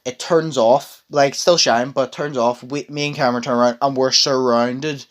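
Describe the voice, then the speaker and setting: A man's voice: medium pitch, fairly even intonation, normal speed. A young man in a casual chat, recounting a long story in a rambling way, swearing freely and full of fillers and restarts.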